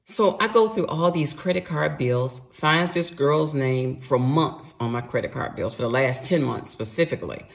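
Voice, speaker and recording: A middle-aged woman, telling a personal story to her viewers in a casual, animated and emphatic way. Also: sits low, normal speed, creaky, few pauses.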